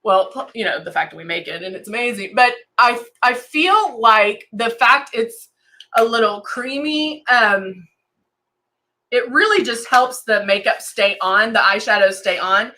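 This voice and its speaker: A woman's voice: fairly high pitch, animated, a little slow, pushed and bright. A woman hosting a casual live-stream makeup tutorial, chatting with lots of ums and greeting viewers by name as she works. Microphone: desk camera and monitor setup.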